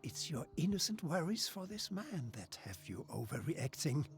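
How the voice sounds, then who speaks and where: Smug german-accented doctor villain in a game, sing-songy up and down, patronizing. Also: male voice, on the high side, big pitch swings, moderate pace, vocal fry, faint music behind. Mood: condescending. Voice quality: patronizing, silky and condescending. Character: smug scheming male doctor, institution founder. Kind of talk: video game dialogue.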